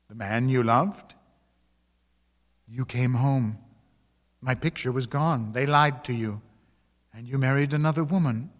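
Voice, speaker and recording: A man reading the lines of a devoted ghostly woman from a painting in a ghost story, slow, tender and pleading. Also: medium pitch, big-room sound, natural voice.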